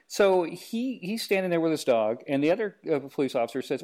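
Man telling a lively story. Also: on the high side, fast, hardly any pauses. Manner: lively anecdote telling, imitating voices. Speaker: host. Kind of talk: casual chat, storytelling.

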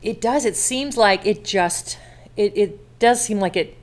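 A woman in her forties, a longtime television host, chatting as a guest and telling stories in a lively way, acting out the people she quotes. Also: medium pitch, unhurried. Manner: animated storyteller, acts out quotes. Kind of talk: casual chat.

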